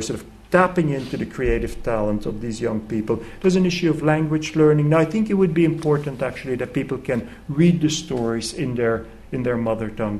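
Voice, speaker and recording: A man's voice: mid-range voice, darkish tone, slight background noise, low-quality recording. A man speaking on a festival panel, telling a story animatedly with many fillers and restarts. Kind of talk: panel talk. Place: festival hall.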